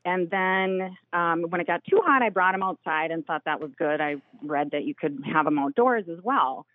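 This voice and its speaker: A woman with an Upper Midwest accent calls in to a radio show, chatty and excited, and laughs easily. Her voice comes over a tinny, narrow phone line and sounds dry and close. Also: lowish voice, normal speed, no echo. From Minnesota. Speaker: caller. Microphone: telephone line.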